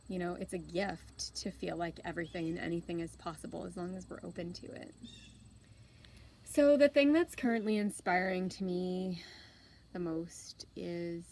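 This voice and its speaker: A woman in her thirties, hosting, telling a personal story in an open, earnest, unhurried way with soft pauses. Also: lowish voice, vocal fry, a little hiss or hum, low-quality recording. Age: 30s. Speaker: host.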